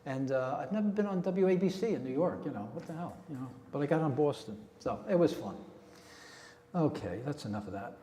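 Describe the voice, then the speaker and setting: A man's voice: fairly high pitch, lively intonation, a little fast, warm tone. Chatty man leading a club meeting in an echoey hall. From New Jersey. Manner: chatty, rambling storyteller. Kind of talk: casual meeting talk. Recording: echoey hall with long reverb.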